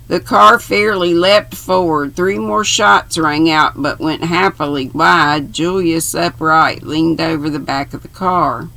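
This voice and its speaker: Slow, gravelly older woman reading aloud. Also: sits low, steady tone, pushed and bright. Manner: unhurried, stops to correct herself. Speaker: reader.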